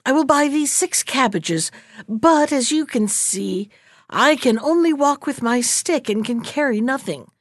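A woman voicing a ragged, spiteful old hag with a croaky, muttering voice, reading a storybook aloud. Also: high voice, expressive, measured pace, dry recording, studio quality. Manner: muttering, mocking.

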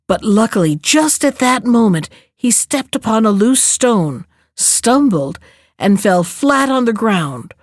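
A woman narrating a fairy tale in a clear, measured storybook reading. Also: mid-range voice, no echo, studio quality.

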